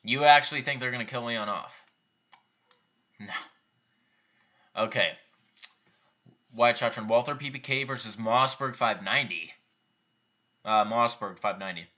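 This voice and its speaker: A man's voice: medium pitch, unhurried, pauses often, pushed and bright, highs cut off. A young man hosting a live viewer Q&A, reading out questions and answering them offhand and bluntly in a casual chat. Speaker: YouTube channel host answering viewer questions.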